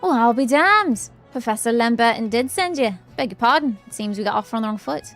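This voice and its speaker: A woman's voice: on the high side, expressive, brisk, a bit bright, soft background music. A woman voicing a rambling, self-important young woman scholar in a video game, prim and long-winded.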